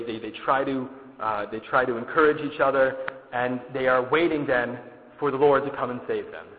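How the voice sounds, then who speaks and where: A man's voice: mid-range voice, echoey room, big-room sound, narrow, tinny audio. A man preaching a sermon in a church, telling a story and acting out its dialogue.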